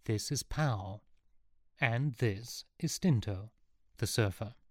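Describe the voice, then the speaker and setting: A man voicing a kind but bossy girl who takes charge, firm yet gentle. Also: lowish voice, takes it slowly, no echo, studio quality.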